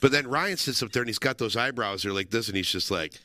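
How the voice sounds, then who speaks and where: A man's voice: mid-range voice, fast, pushed and bright, slight background noise. A man co-hosting a casual talk show, telling loose, rambling stories and swearing casually. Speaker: co-host. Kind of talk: casual chat.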